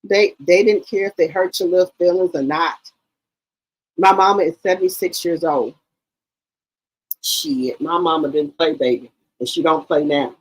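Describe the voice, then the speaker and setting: A middle-aged woman hosting a livestream, chatting in a casual, animated storytelling way and calling her listeners baby and girl. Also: sits low, normal speed, rough recording. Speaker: livestream host.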